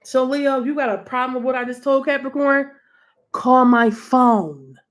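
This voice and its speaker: Woman tarot reader, slightly high voice, blunt and profane, laughs between points. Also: little pitch movement, a little fast. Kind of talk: casual tarot reading rant.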